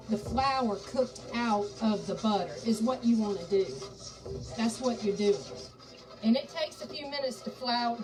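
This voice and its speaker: A chatty woman with a Southern American accent, somewhat high-voiced, talks her viewers through a recipe at the stove as y'all. She sounds a little away from the camera's mic, with faint music playing underneath. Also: distant mic, poor audio. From Charleston, South Carolina. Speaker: cooking show host. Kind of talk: live cooking demonstration.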